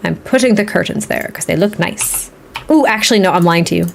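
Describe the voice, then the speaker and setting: A woman's voice: fairly low pitch, a little fast, gravelly, slight background noise. A woman live streaming while she builds in a game, chatting and rambling to her viewers and laughing often. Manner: talks to chat viewers, reads their comments.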